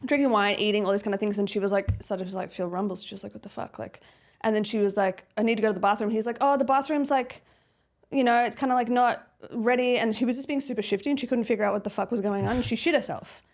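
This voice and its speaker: A woman's voice: medium pitch, steady tone. A woman co-hosting a podcast, reading quiz questions and retelling stories in casual chat, laughing as she goes. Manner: laughing, reads questions haltingly. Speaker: podcast co-host.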